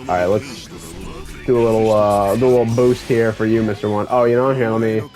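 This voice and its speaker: A young man giving casual gameplay commentary, excitable and swearing freely as an enthusiastic fan. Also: lowish voice, a little fast, faint music behind. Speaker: gaming YouTuber.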